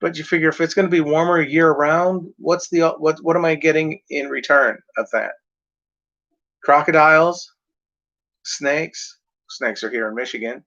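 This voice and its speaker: A man's voice: a little high, steady tone, moderate pace, a bit bright. A man rambling through a casual vlog monologue, swearing freely and joking to himself. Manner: rambling, profane, jokey. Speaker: vlogger. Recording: muffled lo-fi recording.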